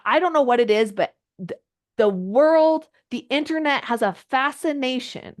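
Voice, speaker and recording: A woman coaching a group live on a video call, chatty and animated, her voice jumping up when she gets excited. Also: fairly high pitch. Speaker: social media coach. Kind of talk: live online coaching session.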